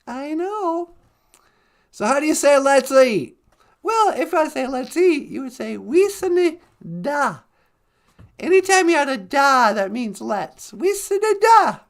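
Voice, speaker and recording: A man's voice: very high-pitched, big pitch swings, a little slow, vocal fry, pitched above the performer's own voice, exaggerated voice. A man voicing a cheerful, sing-song woman co-host who explains words like a teacher. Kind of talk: comedy sketch.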